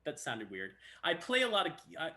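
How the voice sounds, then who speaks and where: A man's voice: on the high side, fairly quick. A man, a voice actor, chatting casually and acting out stories. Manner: animated storyteller who acts out quotes. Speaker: voice actor guest. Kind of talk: casual chat.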